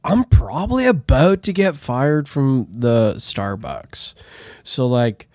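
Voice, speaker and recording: A man's voice: medium pitch, expressive, takes it slowly, darkish tone, dry recording, clean studio sound. A young man rambling through improvised comedy role-play, swearing and filling with "like" and "man". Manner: rambling, swearing, many fillers.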